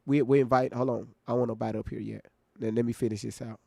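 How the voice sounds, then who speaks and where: A man's voice: mid-range voice, level tone, fast talker, creaky, mellow, dry recording. A man hosting a reaction stream, talking to his viewers in an emphatic, informal way. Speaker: reaction video host. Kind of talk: casual live-stream commentary.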